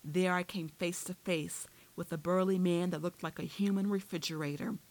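A woman's voice: fairly low pitch, moderate pace, rough recording. Woman narrating a romance audiobook. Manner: steady, descriptive storytelling. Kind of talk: scripted first-person narration.

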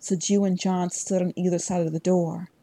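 A woman narrates a first-person story with steady, even pacing. Her voice sits low and mellow, recorded close with no room sound around it. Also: normal speed, no echo. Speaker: audiobook narrator.

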